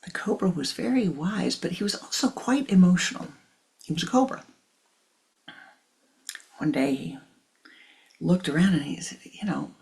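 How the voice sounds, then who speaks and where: A man teaching meditation and telling a parable in a slow, hushed, often whispery manner. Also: sits high, animated, vocal fry. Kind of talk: spiritual teaching and storytelling.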